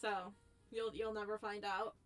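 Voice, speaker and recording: A woman's voice: mid-range voice, level tone, unhurried. A woman VTuber streamer chatting casually with her viewers in a giggly, rambling way, often breaking off mid-sentence. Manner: giggly, rambling, self-interrupting. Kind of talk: casual live-stream chat.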